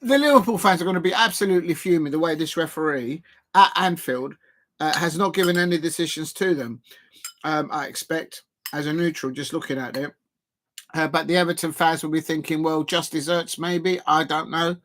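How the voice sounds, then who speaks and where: A man hosting a live football watch-along, commentating in a rambling way with many fillers and restarts, excitable at key moments. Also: fairly high pitch, fairly quick.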